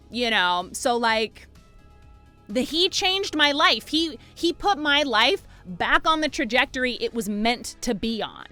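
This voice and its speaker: A woman's voice: fairly high pitch, pushed and bright. A woman in her twenties, a streamer delivering a fired-up, emphatic rant to her chat, with some swearing. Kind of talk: livestream rant.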